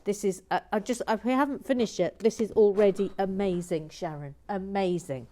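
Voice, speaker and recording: A woman's voice: mid-range voice, normal speed, warm tone. Cheerful chatty woman vlog host. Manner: chatty and cheerful, reading out viewer comments, many fillers. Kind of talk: casual building vlog chat.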